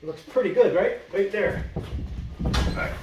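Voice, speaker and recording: A man's voice: sits high, expressive, normal speed. A man in his fifties giving a chatty work-along tutorial, talking to himself and his viewers while he works and joking along the way. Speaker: drywall installer. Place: bare room under construction. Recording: echoey room, far from the mic, loud work noise.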